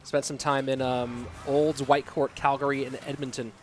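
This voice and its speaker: A man hosting an esports stream, casting games in quick play-by-play and joking with the chat. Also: mid-range voice, little pitch movement, faint music behind. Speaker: esports caster and stream host. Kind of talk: live game commentary and chat reading.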